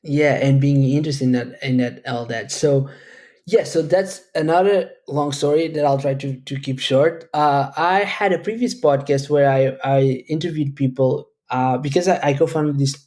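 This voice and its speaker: A man's voice: on the high side, moderate pace, a little mellow. A man from Portugal, answering interview questions at length in a thoughtful, rambling way with frequent restarts. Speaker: guest, educator.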